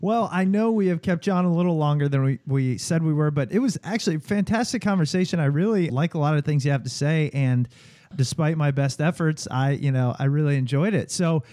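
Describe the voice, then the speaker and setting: Warm-toned podcast host, a man. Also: fairly high pitch, brisk, dry recording, clean studio sound. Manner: friendly and laughing easily. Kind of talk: casual interview chat.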